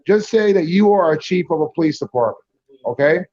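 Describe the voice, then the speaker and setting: A man's voice: on the high side, lively intonation, a little fast, darkish tone. A man in a heated casual debate who stammers and repeats himself, calling people bro. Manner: repetitive, calls others bro, stammers into points. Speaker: debater defending his view. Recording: dull lo-fi stream audio.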